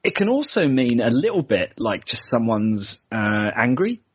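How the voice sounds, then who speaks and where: A man's voice: medium pitch, very animated, moderate pace, slightly rough, no echo, dull audio. A British man hosting a podcast in casual chat, chatty and self-deprecating, laughing easily. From Britain. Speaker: podcast host.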